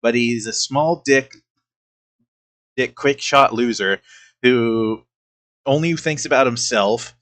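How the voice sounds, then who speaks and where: A man's voice: medium pitch, unhurried, a bit bright. A man giving casual reaction commentary as a streamer host, laughing often, swearing, and restarting his sentences.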